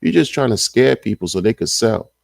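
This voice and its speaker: A man's voice: fairly low pitch, big pitch swings, fairly quick, creaky, a little mellow, no room sound, clean studio sound. A man hosting a casual livestream and reading the chat, talking in an emphatic, slangy way and repeating his points over and over. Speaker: crypto livestream host.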